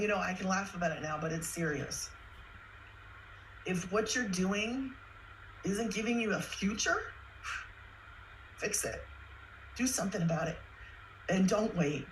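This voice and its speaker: A woman's voice: on the low side, a little hiss or hum, low-quality recording. A woman who is a single mother telling her personal story with earnest emotion, chatty and at times close to tears. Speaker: guest sharing her story.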